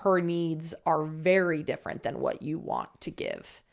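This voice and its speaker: Low-voiced frank young woman co-host. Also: measured pace, creaky. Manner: frank, animated, lots of "like". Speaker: podcast co-host. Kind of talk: casual advice chat.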